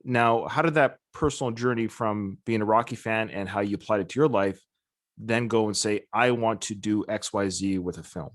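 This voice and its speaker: A man's voice: lowish voice, moderate pace. A man hosting a podcast interview, talking with enthusiasm and rambling through restarts and asides. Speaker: podcast host.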